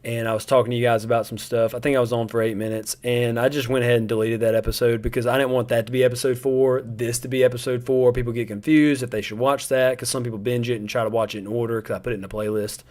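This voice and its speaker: A man's voice: mid-range voice, flat delivery, fast, hardly any pauses, a little mellow. A young adult man, hosting a live stream in casual, rambling chat aimed straight at his viewers.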